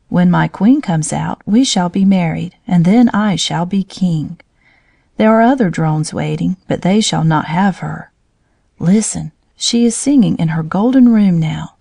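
A woman's voice: on the low side, creaky, warm tone, dry recording, clean studio sound. A woman reading a storybook aloud, voicing a proud, self-important male drone bee who means to be king.

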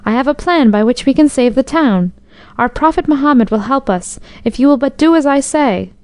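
A fierce, determined old woman who won't give up, as a woman narrator reads her, urgent and pleading. Her voice sits fairly high with a smooth, mellow sound. The recording is close and dry. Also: animated, normal speed, no echo. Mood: defiant. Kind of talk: storybook narration.

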